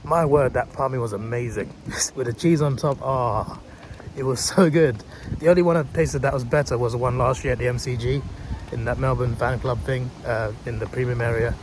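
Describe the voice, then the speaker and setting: A man's voice: medium pitch, normal speed. Chatty young man vlogging outdoors. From England. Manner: chatty, laughs often, casual slang. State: losing his voice. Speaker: travel vlogger. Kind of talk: casual vlog chat. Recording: clear outdoor street and traffic noise.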